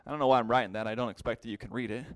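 A man teaching a Bible class, explaining word meanings slowly and repeating key phrases for emphasis. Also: mid-range voice, fairly even intonation, dry recording. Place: classroom with a whiteboard.

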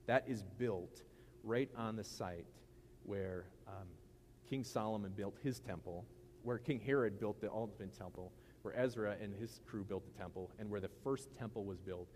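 A man's voice: lowish voice, darkish tone, a little hiss or hum. Joking man preaching a casual sermon. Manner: joking, conversational asides. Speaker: pastor.

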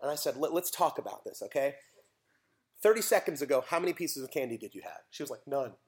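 A man, preaching a sermon and telling animated stories with acted voices. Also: on the high side, fast talker. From United States. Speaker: pastor.

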